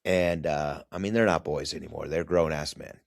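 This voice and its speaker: A man's voice: rumbling low, steady tone, moderate pace, creaky, no room sound, studio quality. A middle-aged man, a former military navigator, telling a family story as a podcast guest, blunt and profane and acting out the dialogue. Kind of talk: casual storytelling conversation.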